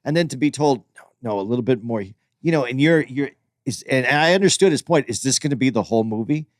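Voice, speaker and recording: A man co-hosting a podcast tells stories in casual chat, animatedly acting out quotes. His medium-pitched voice moves fast, and the sound is clean studio audio with no room sound.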